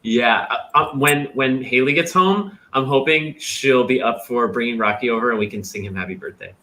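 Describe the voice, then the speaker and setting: Man, young adult, stream host, bright tone, casual, animated explaining. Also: medium pitch, normal speed. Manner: animated, explains with vocal demonstrations. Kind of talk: casual livestream chat.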